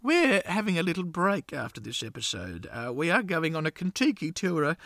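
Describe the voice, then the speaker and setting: A man's voice: on the high side, wildly swooping pitch, moderate pace, creaky, a bit bright, no room sound, full character voice. A man voicing a prim, dry old granny who co-hosts a podcast. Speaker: host.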